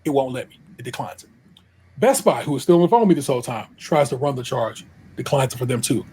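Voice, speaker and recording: Husky-voiced man telling a story. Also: medium pitch, fast talker. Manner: animated, exasperated retelling with restarts. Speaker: podcast host. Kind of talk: casual storytelling chat.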